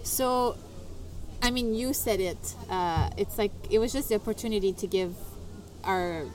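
A woman talks casually about her design community, playful and quick to joke. She giggles often between thoughts. Her voice is at a plain, middle pitch. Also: a little mellow, low-quality recording. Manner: playful, silly, laughs a lot. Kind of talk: casual podcast chat.

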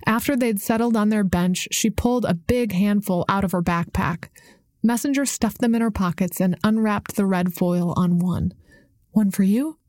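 A woman reading a story aloud as an audiobook narrator, in steady storytelling narration. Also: medium pitch, normal speed, no room sound, clean studio sound. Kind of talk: scripted narration.

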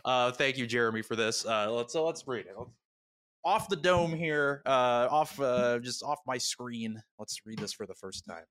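A man's voice: medium pitch, normal speed. A man co-hosting a podcast in casual chat, playful, who often laughs as he reads fan fiction aloud. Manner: laughs while reading, playful and animated. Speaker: podcast co-host.

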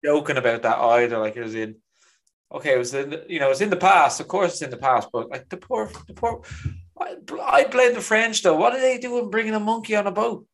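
A man co-hosting a casual podcast chat, chatty and quick to laugh, with plenty of fillers. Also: sits high, fairly bright tone. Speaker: podcast co-host.

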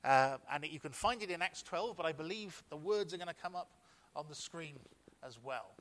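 A man preaches in a church, leading into scripture with an extended story. He restarts his phrases often as he speaks, and his voice sits a little high for a man. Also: animated, normal speed, fairly bright tone. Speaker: pastor. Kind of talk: sermon.

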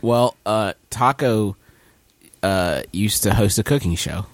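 A man's voice: on the low side, slow pace, no echo. A man playing a tabletop game, rambling through a story with chuckles. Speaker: player. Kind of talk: casual chat.

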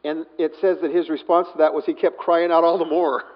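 A man preaching a sermon as pastor, animated and swinging from loud to hushed. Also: fairly high pitch, fast talker. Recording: dull sound, long hall reverb.

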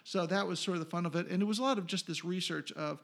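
A man's voice: high voice, fast talker, vocal fry. A middle-aged man from North Carolina, a TV writer and producer telling stories in a casual interview and acting out other people's lines. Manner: animated, acts out others' lines.

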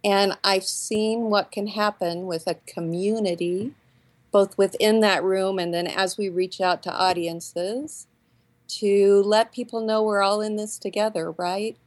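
An older woman with a Minnesotan accent, a choral director answering interview questions slowly and thoughtfully. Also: mid-range voice, fairly even intonation, no echo. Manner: slow, thoughtful, reflective.

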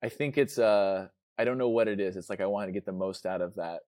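A man's voice: on the low side, brisk, a little mellow, no echo, studio quality. A man hosting a casual interview, easygoing and rambling, often searching for words mid-sentence. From Chicago. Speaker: podcast host.

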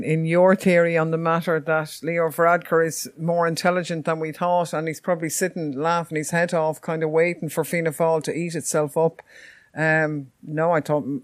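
A man's voice: a little high, dry recording, clean studio sound. A man co-hosting a podcast, chatting about politics, hesitant and restarting his phrases. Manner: hesitant, starts over. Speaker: podcast co-host. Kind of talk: political chat.

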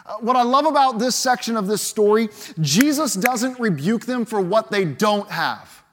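A pastor preaching a sermon in a man's voice that sits high for a man. He moves from loud, animated lines down to hushed, slow emphasis, and often repeats a word as he starts a sentence. Now and then he briefly acts out the people in the story he is telling. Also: long reverb tail. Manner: dramatic swings from loud to hushed, acting out quoted voices.

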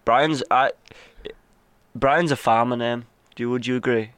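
A man in his late twenties with a Northern English accent, teasing deadpan in casual banter as a podcast co-host. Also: mid-range voice, measured pace, clear, resonant tone, no room sound. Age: 20s.

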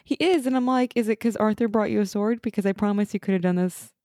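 A young woman co-hosting a casual TV recap chat, animated and laughing as she acts out lines from the show. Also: mid-range voice, quick pace, dry recording, clean studio sound. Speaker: podcast co-host.

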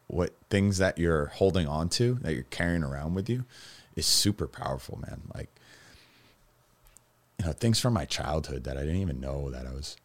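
Man, extremely deep voice, guest storyteller, rambling, candid, halting restarts. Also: animated. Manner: rambling, with frequent restarts and fillers. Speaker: guest recounting his recovery.

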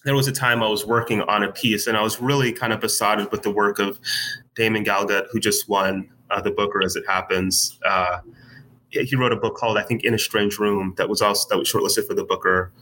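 A man talking in a relaxed interview, thoughtful and searching, with many fillers and restarts as he works through his ideas. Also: lowish voice, a little fast, a little hiss or hum, rough recording. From United States. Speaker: guest writer. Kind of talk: casual conversational interview.

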